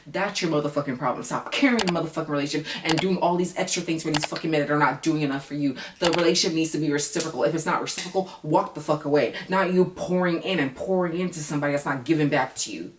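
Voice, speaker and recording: A woman with a low voice gives a blunt, profanity-filled rant as she reviews a reality show for her vlog. She sits some distance from the mic, and her voice echoes around the room. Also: quick pace, few pauses, a little hiss or hum. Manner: blunt, profane, animated ranting.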